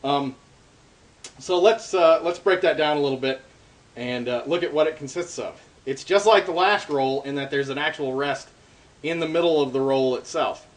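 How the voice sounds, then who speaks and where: A man's voice: fairly high pitch, normal speed. A man casually teaching hand-drum rolls, explaining step by step with lots of ums and uhs. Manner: relaxed, filler-heavy explaining. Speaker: darbuka teacher. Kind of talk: casual instructional talk. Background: drum playing between phrases.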